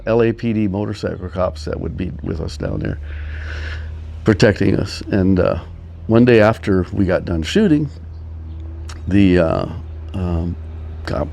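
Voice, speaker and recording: An older man tells his stories in a loose, meandering way, pausing often and chuckling between them. His voice sits low and has a gravelly edge. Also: darkish tone. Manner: meandering, chuckling, many pauses. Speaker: storyteller. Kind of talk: casual storytelling.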